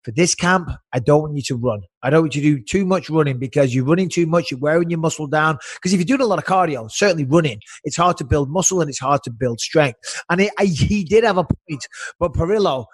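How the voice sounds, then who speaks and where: A man in his forties co-hosting a podcast, swearing freely as he tells an anecdote. His voice sits a little high for a man and keeps a loose, chatty rhythm. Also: fast, breathy edge, no echo. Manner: profane, animated storyteller. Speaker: podcast co-host. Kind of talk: casual storytelling chat.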